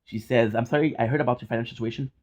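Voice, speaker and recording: A man's voice: mid-range voice, fairly even intonation, rapid-fire, darkish tone. Rambling young man on a dull mic. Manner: rambling, restarts and fillers, swears casually. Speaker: gaming vlogger. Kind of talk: casual rambling vlog chat. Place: hot apartment.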